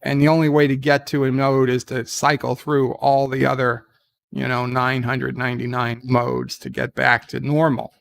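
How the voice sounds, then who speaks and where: A man's voice: medium pitch, level tone, moderate pace, vocal fry. A man giving a casual, rambling recap of a TV episode, full of fillers and restarts. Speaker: show reviewer.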